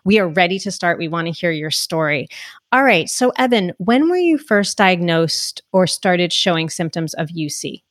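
A woman's voice: fairly low pitch, very animated, moderate pace, dry recording, studio quality. A woman from New Jersey with a New Jersey accent, hosting a podcast interview in an upbeat, chatty way. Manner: upbeat, chatty, reads definitions aloud. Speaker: podcast host.

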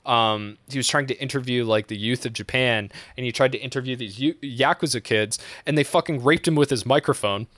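A man's voice: brisk, hardly any pauses, dry recording. A young man in casual chat, rambling through a story with lots of swearing and fillers. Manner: animated, acts out quotes in high voices.

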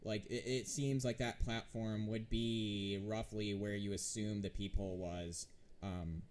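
A man's voice: lowish voice, fairly even intonation, unhurried, darkish tone, a little hiss or hum. A man running a tabletop game as game master, describing rooms in a hesitant way full of fillers and restarts.

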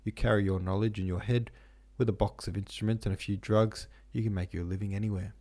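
Earnest young med student guy, wistful and eager, low voice, man reading it. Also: steady tone, quick pace, dark tone. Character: young male medical student, earnest and easily moved.

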